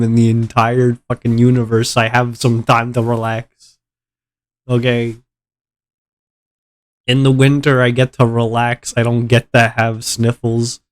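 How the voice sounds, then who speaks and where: A man's voice: medium pitch, monotone, measured pace, pauses often. A man streaming live with a stuffy nose from allergies, chatting casually and complaining in a rambling, melodramatic way.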